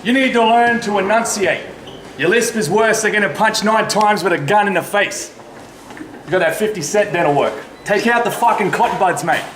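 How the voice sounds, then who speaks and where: A man's voice: sits high, moderate pace, reverberant, noisy background. A man performing mocking battle rap verses full of punchlines aimed at his opponent. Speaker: battle rapper.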